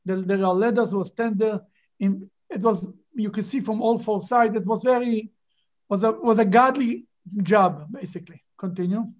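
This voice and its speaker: A man's voice: sits high, normal speed, darkish tone. Man, Bible class teacher, emphatic, rhetorical questions. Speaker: rabbi teaching a Torah class.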